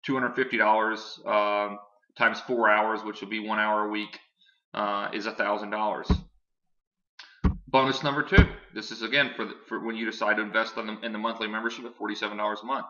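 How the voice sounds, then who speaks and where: A man giving a casual, filler-heavy online sales pitch while showing his screen. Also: flat delivery, brisk, bright, forceful tone, lo-fi sound. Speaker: online marketing presenter.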